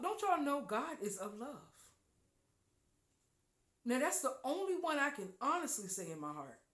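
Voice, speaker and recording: Echoey, emphatic woman preaching about love. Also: medium pitch. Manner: preachy and emphatic, rising to loud exclamations. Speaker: podcast host. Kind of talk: spiritual motivational talk.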